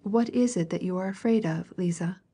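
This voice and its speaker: A reserved young prince who speaks with cool, measured politeness and a faint drawl, as a woman reader gives his lines. The tone is soft and mellow, a little husky. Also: on the low side.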